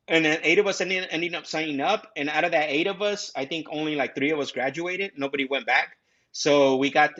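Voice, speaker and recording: A man's voice: medium pitch, pushed and bright. A young man chatting casually as an interview guest, talkative and full of restarts. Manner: talkative, says "bro" a lot, many restarts. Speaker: guest, real estate salesman. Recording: dull lo-fi audio.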